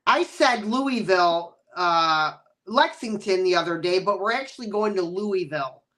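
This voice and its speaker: A woman hosting a casual live-stream chat, relaxed and chatty, laughing easily as she talks with friends. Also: medium pitch, moderate pace. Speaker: channel host.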